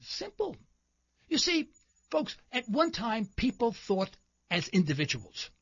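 A man's voice: sits high, very animated, takes it slowly, a bit bright, husky, dry recording, highs cut off. A man hosting a talk show, delivering an impassioned political commentary monologue full of rhetorical questions and indignant emphasis.

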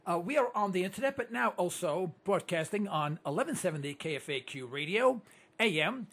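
Older male talk radio host, very high gravelly voice, angry repetitive rant. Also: lively intonation, fairly quick, fairly bright tone. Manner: ranting, repetitive, hollering at listeners.

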